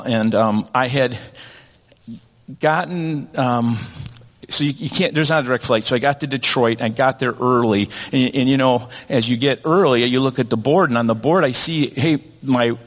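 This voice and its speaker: Self-deprecating pastor in a reverberant hall. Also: male voice, mid-range voice. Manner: self-deprecating storytelling with many restarts. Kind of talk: sermon with personal story. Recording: long reverb of a church hall.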